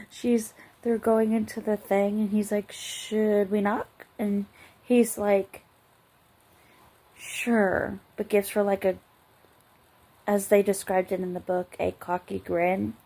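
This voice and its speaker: Late at night, a tired book vlogger chats casually about a book she's reviewing, rambling, giggling, trailing off and starting again. Her voice is mid-range and mellow, level in tone, with a measured pace.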